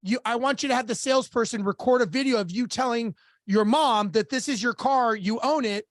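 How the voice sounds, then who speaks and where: A man's voice: very high voice, brisk. A blunt middle-aged man, a business coach, tells a story with animation and plays both sides of the conversation. The recording is dry, with no echo at all. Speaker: business coach, podcast guest. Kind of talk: storytelling in a casual interview.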